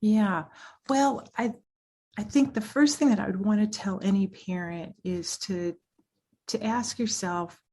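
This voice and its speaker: A woman speaking as a clinical psychologist guest in a podcast interview, talking in an animated way and acting out the voices she quotes. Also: medium pitch, unhurried.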